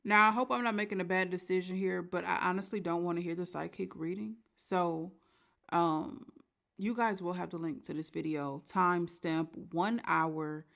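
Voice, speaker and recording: Woman host, low voice with gravel in it, chatting plain and direct. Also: steady tone, moderate pace, a bit bright. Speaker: reaction host. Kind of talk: casual commentary.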